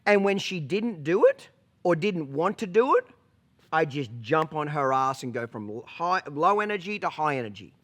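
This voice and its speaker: A man's voice: fairly high pitch, sing-song, moderate pace, a bit bright. A man telling a story as a horse trainer, blunt and profane, punctuating points with rhetorical questions. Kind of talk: storytelling vlog.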